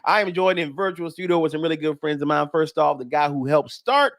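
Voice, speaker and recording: A man hosting a comedy talk radio show with a hyped, lively announcer delivery. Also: on the high side, fairly quick, no echo, clean studio sound. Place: remote virtual studio.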